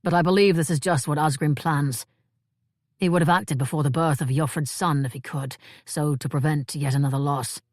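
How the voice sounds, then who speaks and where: A grave, calm monk, as a woman reads him. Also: deep voice, dry recording, clean studio sound. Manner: measured, solemn. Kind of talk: audiobook character voice.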